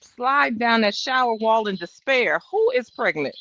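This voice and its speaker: A woman's voice: a little high, big pitch swings, unhurried, fairly bright tone, no room sound. Blunt, sassy woman streaming trial commentary. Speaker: livestream trial-watch host. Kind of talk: casual live commentary. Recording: dull, dry home stream audio.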